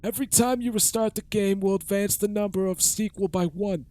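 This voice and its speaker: A man putting on a high, scheming old man voice to read out a game character's lines. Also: brisk, dark tone, close to an everyday voice. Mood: scheming, gleeful. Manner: raised wavering put-on old man voice. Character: scheming old man pitching endless sequels.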